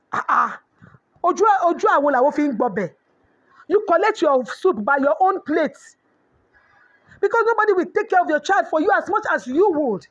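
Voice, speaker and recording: A middle-aged Nigerian woman with a high voice lectures parents in a preachy, earnest way, dropping Yoruba proverbs into her talk. The audio is dull and lo-fi. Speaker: parenting coach.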